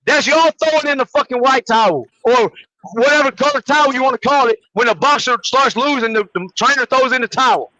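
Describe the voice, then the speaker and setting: This basketball podcast co-host is a man whose extremely high, sharp voice delivers a fast, furious rant packed with profanity. There's no echo, though the audio sounds dull.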